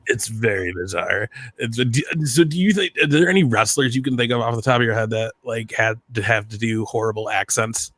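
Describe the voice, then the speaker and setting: A man's voice: mid-range voice, brisk, few pauses, a bit bright, no echo. Laid-back man in casual wrestling chat. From half Mexican. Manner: laid-back, swears casually, laughs often. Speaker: podcast co-host.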